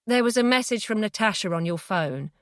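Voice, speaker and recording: A woman reading an audiobook, voicing a calm, smug, manipulative ex-boyfriend. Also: medium pitch, a little fast, no echo, clean studio sound, close to an everyday voice. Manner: coolly manipulative, quietly self-satisfied. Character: obsessive controlling ex-boyfriend, man, calm and smug. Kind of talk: audiobook character voice.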